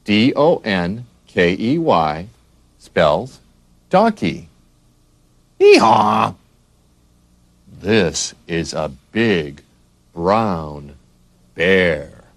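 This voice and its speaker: A man's voice: low voice, very animated, drawn-out words, no room sound. A middle-aged man reading a children's read-along book, spelling words letter by letter and making playful animal sounds.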